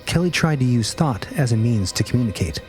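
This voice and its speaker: Male podcast host, lively dramatic reader of a witness story, soft music underneath. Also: mid-range voice, a little fast. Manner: animated storytelling, rising to shouts at quoted screams. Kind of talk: dramatic reading of a witness account.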